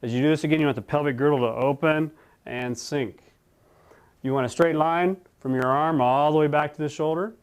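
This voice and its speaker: A man teaching a qigong exercise set, giving calm, slow cues for breathing and movement. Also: on the high side, clear, resonant tone. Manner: calm, slow guiding cues with long pauses. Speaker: qigong instructor. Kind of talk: guided exercise instruction.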